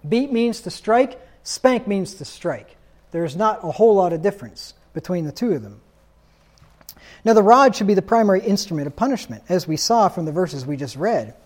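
A man's voice: high voice, expressive, moderate pace, a little mellow. A man preaching a sermon in a stern, insistent tone, reading scripture aloud and asking rhetorical questions.

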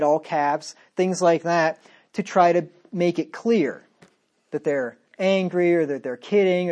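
A man delivers a sermon, reading scripture aloud in a firm voice. His talk swings between loud, emphatic points and quiet, sarcastic asides. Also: on the high side. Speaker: preacher.

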